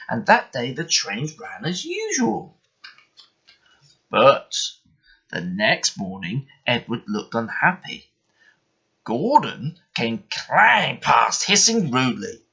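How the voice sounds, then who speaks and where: A man reading a bedtime story aloud in an expressive, measured way. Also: medium pitch, husky. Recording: muffled lo-fi recording.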